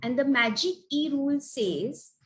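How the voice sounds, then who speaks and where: Slow, deliberate woman teaching phonics. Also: high-pitched, animated, poor audio. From India. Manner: slow, deliberate, sounds out letters and example words. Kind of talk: webinar lesson.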